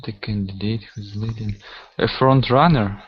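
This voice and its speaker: A man's voice: lowish voice, fairly even intonation, moderate pace, slightly rough, no echo. A man student in an online English class, reading aloud hesitantly. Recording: dull lo-fi video call audio.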